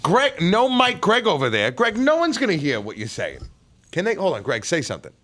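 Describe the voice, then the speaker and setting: A man's voice: high voice, fairly quick. A man with a New York accent co-hosting a podcast, talking casually and arguing with his co-hosts. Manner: animated, heckling and arguing. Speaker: podcast co-host. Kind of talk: casual chat.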